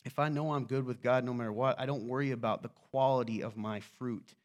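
A man's voice: mid-range voice, steady tone, brisk. A man preaching a conversational sermon as a pastor, joking and often asking his listeners "right?".

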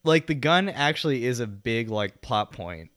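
Rambling, animated male podcast co-host. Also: mid-range voice, moderate pace, no echo, studio quality. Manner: rambling and animated, frequent swearing and "like". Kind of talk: casual film-discussion chat.

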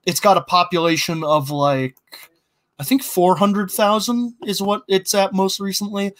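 A man with a somewhat high voice talks through ideas in a relaxed co-hosting chat. He hesitates often, filling pauses with ums and starting sentences over. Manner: hesitant, many ums and restarts. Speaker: co-host planning a fiction podcast. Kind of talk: casual brainstorming chat.

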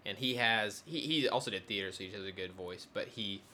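A man's voice: on the low side, a little fast, pushed and bright, a little hiss or hum. A young adult man in casual conversation, rambling with many fillers and restarts. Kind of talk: casual chat.

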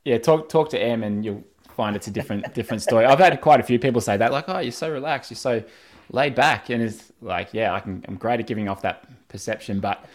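A man, chatting in a relaxed, rambling way and laughing often. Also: on the low side, fast. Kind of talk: casual chat.

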